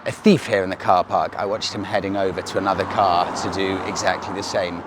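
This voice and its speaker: Bike vlogger guy telling a story, lowish voice, noisy road behind. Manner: chatty, storytelling. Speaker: motorcycle vlogger. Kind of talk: casual vlog narration. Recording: outdoor noise.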